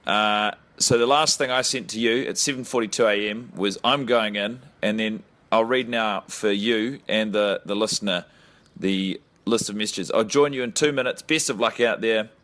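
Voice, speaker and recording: A New man co-hosting a podcast over a remote call, talking in a deadpan, mock-exasperated way. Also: lowish voice, normal speed. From New Zealand. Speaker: podcast co-host. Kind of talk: casual chat. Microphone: remote call, home mic.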